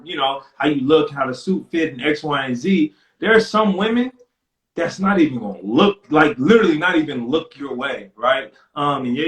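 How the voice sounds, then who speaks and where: A man talking earnestly on a casual live stream, often checking in with "right?". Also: on the high side. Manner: earnest, keeps asking "right?". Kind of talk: casual conversation. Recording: roomy echo.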